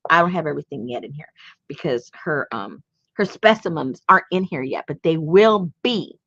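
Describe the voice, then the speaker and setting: A woman chatting playfully as she shows off her craft work. Her voice sits low and husky, yet it leaps around with lively expression. The recording is dry and a little dull. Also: normal speed, dry recording. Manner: playful and chatty, laughs often. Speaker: craft channel host. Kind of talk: casual chat showing a handmade journal.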